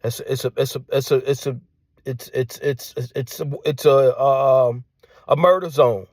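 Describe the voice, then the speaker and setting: A man delivering a combative monologue, repeating his phrases and firing off rhetorical questions, sometimes dropping to a hushed tone. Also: mid-range voice, steady tone, unhurried, no room sound, clean studio sound. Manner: drops to hushed tone at times. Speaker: commentator. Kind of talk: ranting monologue.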